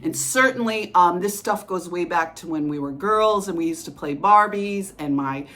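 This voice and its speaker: A woman's voice: on the low side, lively intonation, normal speed, fairly bright tone. A woman talking in a casual vlog monologue, heated and confrontational, calling out absent people by name, with frequent fillers and restarts. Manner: repeats words and restarts with fillers. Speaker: vlogger.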